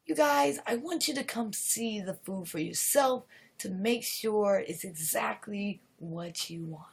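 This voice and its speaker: A woman voicing a panicky male restaurant owner in a live-streamed spooky story, talking in quick nervous bursts. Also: medium pitch, creaky, slight background noise. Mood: falsely polite. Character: frantic male restaurant owner turned killer.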